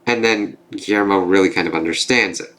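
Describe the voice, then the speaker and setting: Lowish-voiced man recapping casually. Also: brisk, a bit bright. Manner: rambling, heavy swearing, many fillers. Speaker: TV reviewer. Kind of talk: casual spoken episode recap.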